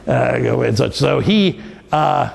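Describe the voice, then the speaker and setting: A man's voice: medium pitch, animated, normal speed, gravelly. A man, a professor, giving a storytelling dharma lecture. He explains as he goes, often restarts his phrases, and laughs lightly. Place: large temple hall. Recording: long reverb of a temple hall.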